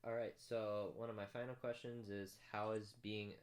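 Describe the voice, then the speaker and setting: A man's voice: lowish voice, flat delivery, normal speed. A man interviewing a guest, asking brief questions and giving short encouragement.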